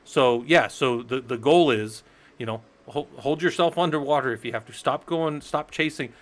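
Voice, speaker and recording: A man's voice: mid-range voice, normal speed. Rambling casual man teaching Linux. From United States. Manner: rambling, conversational, tells stories with acted quotes. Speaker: livestream Linux instructor. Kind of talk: casual live-stream teaching.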